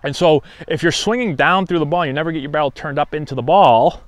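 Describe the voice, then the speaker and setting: A man teaching baseball hitting in a casual talk to camera, often checking in with a quick "right?". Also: fairly high pitch, dry recording. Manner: conversational, frequent "right?" check-ins.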